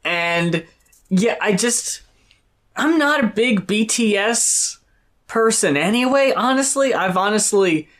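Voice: mid-range voice, expressive, slow, fairly bright tone. A podcast co-host in casual chat, blunt and opinionated, swearing freely.

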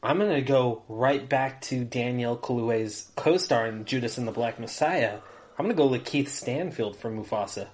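A man's voice: medium pitch, animated, normal speed. A man co-hosting a podcast in casual chat, stopping and repeating words as he builds his point. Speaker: podcast co-host.

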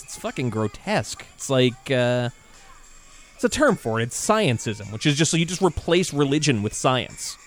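A man's voice: medium pitch, big pitch swings, moderate pace, soft background music. A man co-hosting a casual podcast, who swears often and rants heatedly. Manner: profane, heated ranting. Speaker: podcast co-host.

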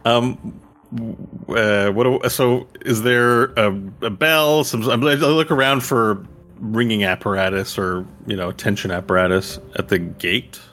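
A man playing in a tabletop game, chatty and quick to laugh, describing what his character does. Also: fairly low pitch, steady tone, fairly bright tone, soft background music. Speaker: player.

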